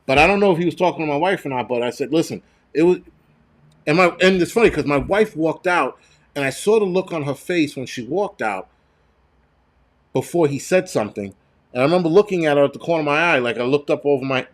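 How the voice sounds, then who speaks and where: A man hosting a live stream, telling a long crude story full of swearing and reading viewer comments as he goes. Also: fairly high pitch. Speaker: host.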